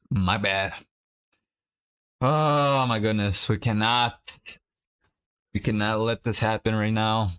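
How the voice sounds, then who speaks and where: A young man, talking casually on a live watch-along stream. His voice sits slightly low and relaxed as he reacts to the match. He breaks off to coach viewers through simple exercises in an easy, conversational way. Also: takes it slowly, pauses often, smooth. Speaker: livestream host.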